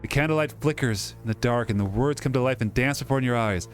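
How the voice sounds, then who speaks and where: A man's voice: mid-range voice, fast talker. A young man casually reading a story game aloud with dramatic delivery, breaking off for jokes, over faint background music. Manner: reads dramatically, breaks off to joke. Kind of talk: casual let's-play narration.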